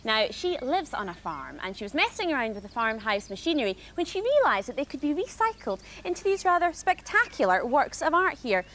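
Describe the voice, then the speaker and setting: A woman's voice: high voice, sing-song, brisk, few pauses, a bit bright, slight background noise. A woman presenting a children's TV show, recorded outdoors in a garden, bubbly and enthusiastic.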